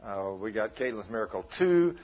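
A man preaching a storytelling sermon, swinging from loud animated bursts to hushed retelling. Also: fairly low pitch, normal speed, highs cut off.

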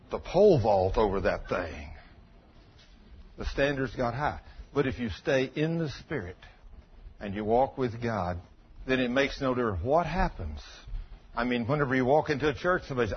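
A man's voice: mid-range voice, slightly rough. A man preaching a sermon in a folksy storytelling way, acting out both sides of a conversation. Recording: dull lo-fi recording.

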